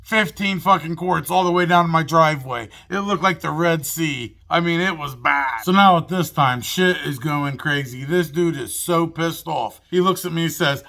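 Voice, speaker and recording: A mobile mechanic telling his own story to camera in an animated, profane, self-mocking way. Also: fairly high pitch, moderate pace, vocal fry, hardly any pauses.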